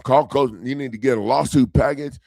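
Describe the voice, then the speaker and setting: A middle-aged man, a legal self-help coach, telling a profane story in a lively, laughing way and acting out the people he quotes. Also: mid-range voice, a little fast, vocal fry, no room sound. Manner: animated, profane, laughing, acts out quoted voices. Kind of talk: casual storytelling monologue.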